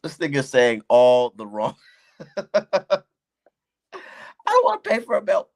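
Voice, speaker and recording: Gravelly, animated streamer man. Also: mid-range voice, takes it slowly. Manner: profane, mocking, laughs a lot. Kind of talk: casual reaction commentary.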